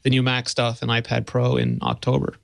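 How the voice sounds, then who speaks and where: A man from Canada on a tech panel, tossing in quick, wry quips. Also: mid-range voice, very animated, vocal fry, no echo. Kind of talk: casual tech panel chat.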